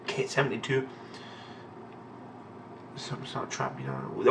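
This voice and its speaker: A young man reading a manga aloud and reacting in a casual, profane, excitable way. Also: mid-range voice, normal speed, vocal fry, pauses often, recorded from a distance, background noise.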